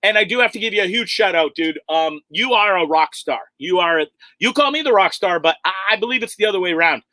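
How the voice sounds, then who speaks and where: A man with a high, bright, sharp voice hosts a loose livestream chat from inside a bus. He rambles, curses freely and keeps laughing at himself. The sound is dry and close, with no room echo. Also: expressive, fast. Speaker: livestream host.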